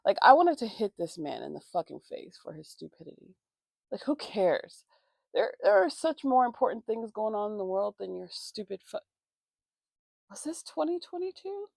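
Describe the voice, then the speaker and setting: Heavily gravelly woman venting a story. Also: medium pitch, lively intonation, normal speed, a little mellow, no echo. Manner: profane, heated venting with constant fillers. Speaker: vlogger. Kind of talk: casual storytime. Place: indoors at home getting ready.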